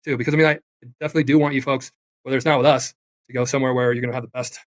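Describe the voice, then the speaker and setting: A man's voice: mid-range voice, fairly even intonation, racing, no room sound. A man speaking as a company executive on a live talk stream, rambling with restarts and asides. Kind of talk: casual talk-show chat.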